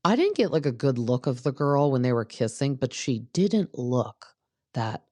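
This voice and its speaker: A woman's voice: rumbling low, big pitch swings, moderate pace, dark tone, dry recording, studio quality. A young woman hosting a casual recap show, chatty and opinionated, acting out what people said. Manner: chatty, opinionated, acts out quotes. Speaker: podcast host recapping reality TV. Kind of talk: casual chat.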